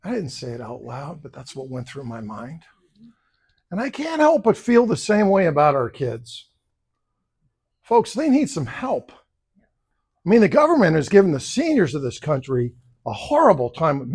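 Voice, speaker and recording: Speaking slightly high and husky at a normal pace, with huge swings in pitch, a man running for office addresses a luncheon room. His campaign speech is built on personal stories, and he performs the voices of the people he quotes.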